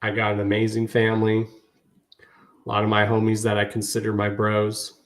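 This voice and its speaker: A man's voice: fairly low pitch, monotone, moderate pace. A man hosting his podcast, speaking earnestly and emotionally to his listeners, often repeating "y'all". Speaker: podcast host. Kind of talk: heartfelt podcast monologue.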